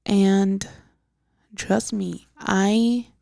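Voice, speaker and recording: A young woman hosting a podcast, telling a personal story in a halting, emotional way with many fillers and restarts, often soft and breathy. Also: medium pitch, steady tone, no room sound, studio quality. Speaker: podcast host.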